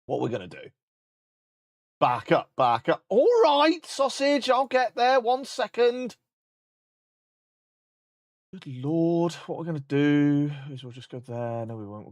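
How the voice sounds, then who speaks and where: A man chatting casually on a live stream while coding, joking, swearing and dictating instructions slowly. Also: mid-range voice, dry recording.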